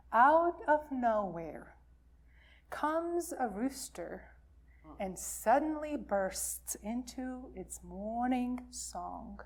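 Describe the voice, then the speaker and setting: A woman minister reads a folktale aloud to her congregation. Her voice sits high and moves at an unhurried pace. Her telling is lively and expressive. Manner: slow, expressive storytelling. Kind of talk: reading a folktale aloud in a worship service.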